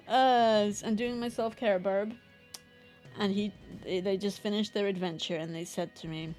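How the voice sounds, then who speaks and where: A woman's voice: medium pitch, a little slow, soft background music. A woman chatting casually to her live stream audience, rambling and self-deprecating, laughing often.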